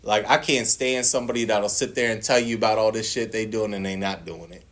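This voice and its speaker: A man's voice: on the low side, a little fast. A man in his forties sharing his recovery story at a meeting, swearing a lot, laughing often and acting out what others said. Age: 40s. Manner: profane, animated storytelling with acted quotes; laughs often while telling. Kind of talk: personal share at a recovery meeting.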